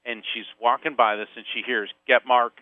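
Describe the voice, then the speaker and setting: A man from Central Florida telling a personal story as a podcast guest, lively and acting out the voices in it. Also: mid-range voice, fairly quick, no room sound. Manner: animated storyteller, acts out quoted voices. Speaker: psychic medium and author, podcast guest. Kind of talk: storytelling interview. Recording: phone-line sound, dry.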